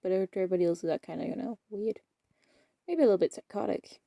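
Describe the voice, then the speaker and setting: Playing a game on her vlog, an eighteen-year-old woman chats aimlessly and self-deprecatingly, often drifting into mumbles. Her medium-pitched voice is quick, gravelly, and warm, with no room sound.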